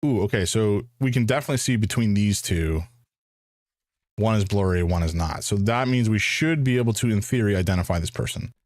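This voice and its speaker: A man's voice: on the low side, brisk, a little mellow, dry recording, studio quality. A man streaming a first playthrough of a game, thinking aloud in a hesitant way and often restarting his sentences. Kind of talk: live game commentary.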